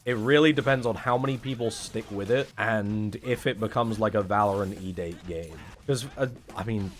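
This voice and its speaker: A man's voice: fairly low pitch, moderate pace, slight background noise. A young man, talking casually and sarcastically to his chat on a live stream, rambling and swearing often.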